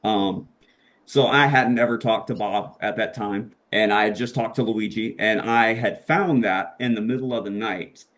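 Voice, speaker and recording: A young man, a podcast guest, telling a story in a casual, excitable and profane way, acting out the voices he quotes. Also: lowish voice, normal speed.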